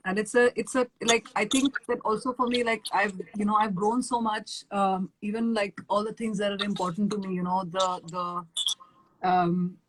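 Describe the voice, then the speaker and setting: A woman's voice: mid-range voice, level tone, moderate pace, background noise. A woman with an Indian English accent, a musician guest in a casual live-stream chat, telling stories animatedly with lots of fillers and acted-out quotes.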